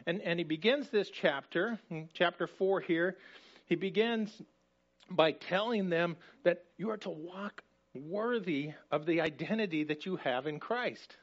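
Man, pastor, sermon, high-pitched, conversational, emphatic, restarts phrases, muffled lo-fi recording. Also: a little slow. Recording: dull lo-fi recording.

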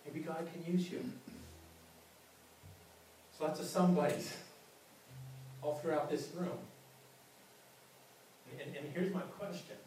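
A man's voice: on the high side, takes it slowly, long pauses, background noise. A man preaching a sermon as pastor, earnest and often repeating his words. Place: large church hall. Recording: very echoey hall, mic from far.

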